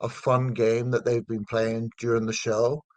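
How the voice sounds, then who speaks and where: A man's voice: medium pitch, completely flat delivery, measured pace, dry recording. Northern Irish man, dry close mic. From north of Ireland. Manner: rambling, with many fillers and restarts. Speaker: comedian guest. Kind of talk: casual interview chat.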